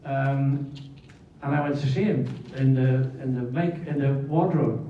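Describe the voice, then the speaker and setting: A man's voice: mid-range voice, a little slow, a little hiss or hum. An older man telling chatty, laughing anecdotes as a panel guest, recorded on a phone from the audience. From England. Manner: chatty, laughing, acts out quoted voices. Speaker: convention panel guest actor. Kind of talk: anecdotal storytelling. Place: convention panel hall. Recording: echoey hall from far off, dull phone audio.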